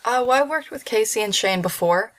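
A woman's voice: on the high side, animated, a little fast, fairly bright tone. A woman guest voice actor chatting casually in an interview, hesitant and full of fillers and restarts. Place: at home with a dog.

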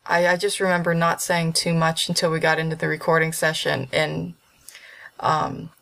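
A woman's voice: low-pitched, level tone, moderate pace, gravelly, a bit bright. A woman guest voice actor chatting casually in an interview, hesitant and full of fillers and restarts. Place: at home with a dog.

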